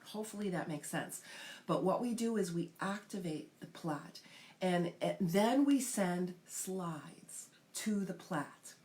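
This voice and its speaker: A woman with a somewhat low voice leads a coaching class. She explains ideas earnestly and step by step, sometimes slipping into the inner voices she describes. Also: darkish tone. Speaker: spiritual coach.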